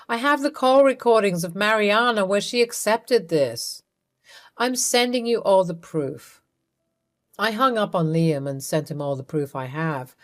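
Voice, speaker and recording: A woman narrating a first-person story in a measured, coolly resentful way. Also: medium pitch.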